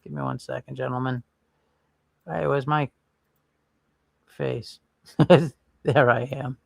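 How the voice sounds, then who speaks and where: Gravelly man rambling on a livestream. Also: medium pitch, little pitch movement, slow pace, no room sound. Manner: rambling, thinks aloud while browsing. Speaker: livestream host. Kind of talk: casual livestream chat.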